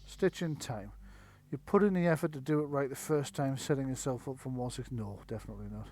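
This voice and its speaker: A man's voice: mid-range voice, quick pace, a little mellow. A man acting as game master, checking rules and narrating results with frequent hesitations. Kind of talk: running a tabletop game.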